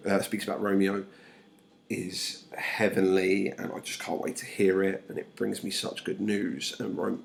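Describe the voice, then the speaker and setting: A male English teacher talks students through a play, putting the old lines into everyday language. His voice sits low and has a gravelly edge to it, and his delivery is relaxed and informal. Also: a little hiss or hum. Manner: casual, plain paraphrasing with fillers.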